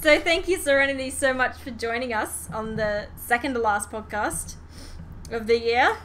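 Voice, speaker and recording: A woman's voice: a little high, moderate pace, a bit bright, slight background noise. A young woman hosting a podcast, chatting casually, reacting and laughing often. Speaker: podcast host. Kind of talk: casual chat.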